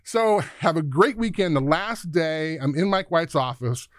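Guy from chicago in his 50s, kinda high voice, spins stories and does everyones lines, dry close mic. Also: unhurried, no echo. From Chicago, USA. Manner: animated storyteller who acts out quoted voices, casual swearing. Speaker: podcast guest, former football player. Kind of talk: casual storytelling interview.

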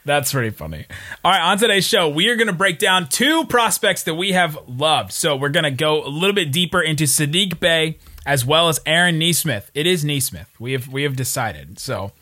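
Bright-voiced man hosting a sports podcast. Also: a little high. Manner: joking, relaxed, quick asides. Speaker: podcast host. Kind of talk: casual sports podcast chat.

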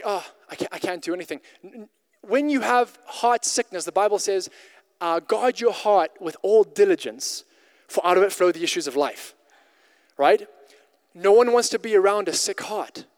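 Man, high voice, preaching, conversational, repeats and restarts, reverberant church hall. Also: clear, resonant tone. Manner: repetitive restarts, conversational and emphatic. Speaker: pastor. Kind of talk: sermon.

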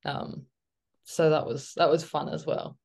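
Low-voiced New woman, relaxed. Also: a little slow, gravelly. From New Zealand. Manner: relaxed, rambling, with many fillers and "like". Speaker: guest, professional footballer. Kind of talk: casual interview chat.

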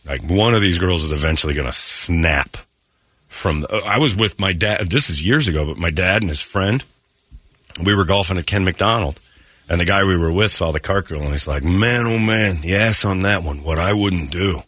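A man's voice: low-pitched, normal speed, fairly bright tone, no echo. A man hosting a morning radio show, telling a story in casual banter and slipping into quoted voices.

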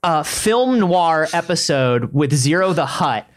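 A man's voice: fairly high pitch, lively intonation, slow. A man guest chatting casually and animatedly, swearing freely. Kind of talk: casual chat.

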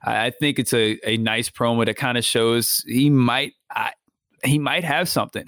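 Man, podcast co-host, halting, repeats words, medium pitch, dry sound. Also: no echo. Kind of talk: casual wrestling podcast chat.

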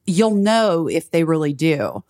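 Low-voiced chatty woman, swearing freely. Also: measured pace. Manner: chatty, swears freely, big pitch swings when animated. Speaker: podcast co-host. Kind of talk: casual chat. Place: friend's house, indoors.

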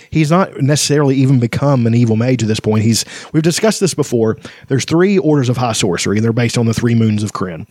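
A man's voice: mid-range voice, darkish tone, no echo. A man hosting a casual book talk, reading passages aloud and chatting with many fillers, restarts and laughs. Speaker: podcast host.

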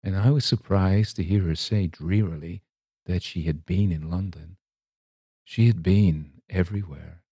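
A man reading a classic short story aloud in measured, scripted narration. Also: low-pitched, dark tone, breathy edge, no echo, studio quality. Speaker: story reader.

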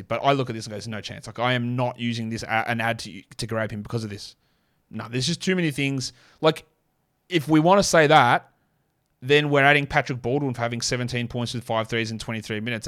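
A man hosting a casual sports show, reading off stats quickly with blunt, sarcastic commentary. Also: mid-range voice, fairly bright tone. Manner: blunt, sarcastic, rapid-fire stat reading. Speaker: podcast host.

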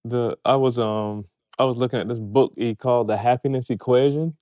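A man co-hosting a podcast, quickly explaining ideas from a book in casual chat. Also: mid-range voice, steady tone, warm tone, no echo, clean studio sound. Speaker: podcast co-host.

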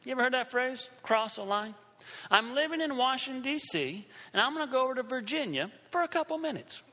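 A man preaching in a church hall, spinning a story and acting out every part with a lot of animation. His voice sits high and bright, swings widely in pitch, and trails a long echo through the room. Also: brisk. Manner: animated, acts out scenes with shifting voices. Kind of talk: storytelling sermon.

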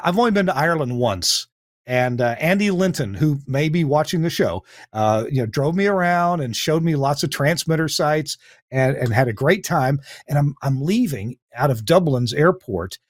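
A man hosting a talk show, speaking haltingly with frequent fillers and restarts and laughing often. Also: on the high side, lively intonation, no echo, clean studio sound. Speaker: host.

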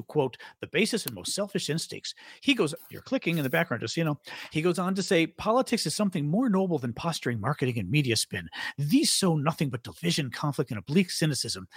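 A man co-hosting a podcast, talking in a sarcastic, animated way and mocking the voices of the people he quotes. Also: fairly high pitch, slightly rough, no echo, clean studio sound. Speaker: podcast co-host. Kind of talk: casual political chat.

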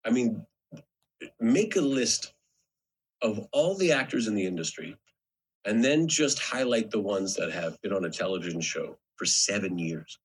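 A man who is an actor, a guest on a podcast, giving measured advice in casual talk. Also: lowish voice, expressive, breathy edge, low-quality recording. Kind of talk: casual chat.

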